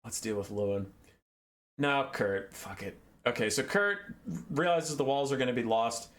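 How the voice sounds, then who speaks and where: A man hosts a casual video game lore recap, irreverent and profane, often wandering off topic. He speaks at normal speed with a fairly bright tone and big swings in pitch.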